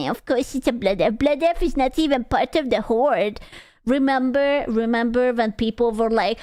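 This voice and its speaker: Smooth-voiced woman chatting off the cuff. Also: sits high, normal speed, a little mellow, dry recording, clean studio sound. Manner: rambling, swears freely, playful. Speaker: streamer reacting to a video. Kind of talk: casual reaction chat.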